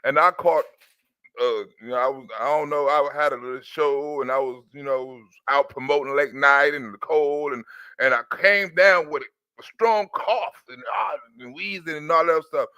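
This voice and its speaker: A man hosting his own channel, his voice slightly sore after a cough, talking loosely and crudely in an animated rant to his viewers. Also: fairly high pitch, normal speed, clean tone, no room sound, muffled recording. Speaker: channel host. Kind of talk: casual political rant to viewers.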